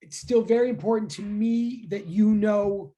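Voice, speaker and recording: A man's voice: high-pitched, moderate pace, mellow. A man teaching a physics class over a video call, chatty and self-deprecating, rambling as he greets his students. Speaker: physics instructor. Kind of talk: casual online class.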